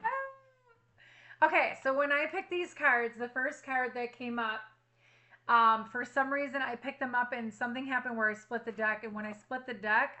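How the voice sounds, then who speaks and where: A woman's voice: fairly high pitch, bright, forceful tone, rough recording. A woman reading tarot cards for her viewers, earnestly reassuring them and repeating affirmations. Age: adult with a child at home. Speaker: tarot reader.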